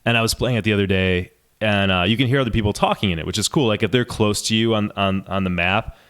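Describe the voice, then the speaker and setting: A man co-hosting a casual podcast, telling animated stories and laughing as he goes. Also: lowish voice, fast talker, clear, resonant tone. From New York State. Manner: animated storyteller, laughs through his stories. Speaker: podcast co-host.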